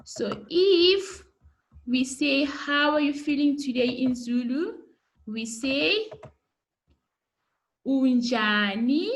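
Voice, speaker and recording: A woman teacher giving a recorded home lesson, slowly modelling each word for children to repeat. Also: high voice. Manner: slow, drawn-out modelling of words for repetition. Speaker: primary school teacher.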